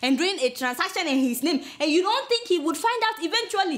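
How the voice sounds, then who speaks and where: A woman's voice: sits high, very animated, a little fast, few pauses, slight background noise. A woman with a Nigerian accent hosting a satirical news commentary, mocking and exclaiming and talking back to her crew. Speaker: host.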